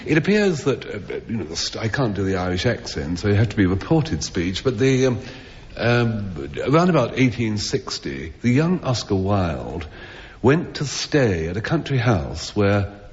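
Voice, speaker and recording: Male comic panelist, lively rambling anecdote, reverberant theatre on 1970s radio. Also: lowish voice, moderate pace. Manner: rambling, self-interrupting storyteller with chuckles. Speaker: comedy panelist. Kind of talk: comic anecdote told to a live audience. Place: theatre stage before an audience. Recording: old lo-fi radio broadcast with hall reverb.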